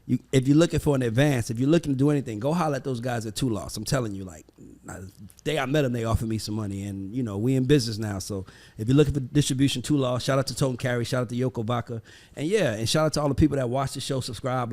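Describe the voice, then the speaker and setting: A man's voice: medium pitch, fast. A man hosting an interview, telling stories energetically with laughter and cursing. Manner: energetic, laughing, profane storytelling. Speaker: host. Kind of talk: casual interview storytelling.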